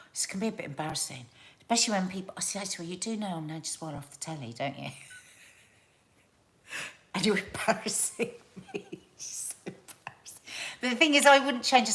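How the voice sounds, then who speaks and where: Chatty South Londoner rambling on a live stream. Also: female voice, lowish voice. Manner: chatty, rambling, animated storytelling. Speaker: live show host. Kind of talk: casual live-stream chat.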